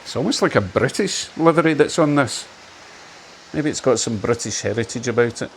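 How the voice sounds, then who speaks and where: A man with a middle-pitched voice talks casually and enthusiastically over his home model railway, with a faint hum of room noise underneath. He narrates as he goes and pokes fun at himself in an easy, chatty way. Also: animated, brisk, gravelly. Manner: chatty, enthusiastic, lightly self-mocking. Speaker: model railway hobbyist channel host. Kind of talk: casual commentary while running a model train.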